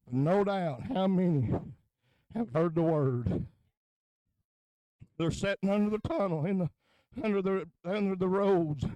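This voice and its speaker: A man's voice: high voice, a little mellow, no echo, poor audio. A man preaching at a tent revival into a handheld microphone, punctuating his phrases with a chanted "huh?" as he builds intensity. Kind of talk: revival sermon.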